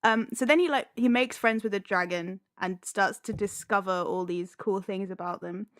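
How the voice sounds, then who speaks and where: A woman's voice: mid-range voice, moderate pace, fairly bright tone, no echo. A young woman, a podcast guest, chatting casually and giggling often as she retells a story, with lots of "like" and "um". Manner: giggly, lots of "like" and "um", self-deprecating. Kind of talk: casual chat, retelling a film plot.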